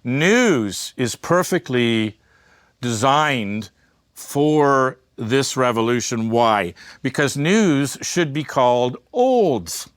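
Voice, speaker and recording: A man's voice: mid-range voice, expressive, extremely slow, no echo, studio quality. A man giving a candid interview, talking bluntly and emphatically, swearing freely and wandering into asides. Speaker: media entrepreneur and interview guest.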